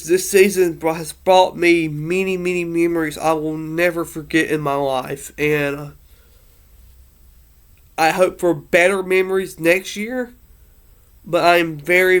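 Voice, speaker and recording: A man's voice: a little high, level tone, unhurried, smooth. A man talking through a casual, rambling monologue about his team's season, earnest and a little emotional, full of fillers and restarts. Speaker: sports fan vlogger.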